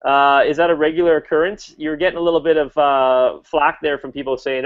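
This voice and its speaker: A man's voice: a little high, quick pace, vocal fry, phone-quality sound. A man hosting a casual motorcycle chat, talking in a rambling way with lots of fillers and restarts.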